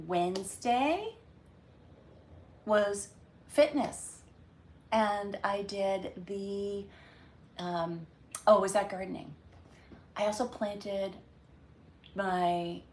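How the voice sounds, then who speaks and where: Slow chatty woman, echoey room. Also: on the low side, slight background noise. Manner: rambling, chatty, many ums. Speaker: livestream host. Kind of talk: casual weekly recap livestream. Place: home.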